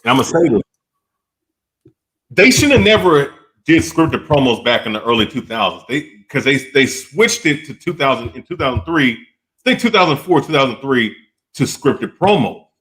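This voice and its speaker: A man's voice: medium pitch, big pitch swings, normal speed, fairly bright tone. A man co-hosting a casual wrestling debate, talking in loose, self-correcting sentences and often asking "you know what I'm saying?".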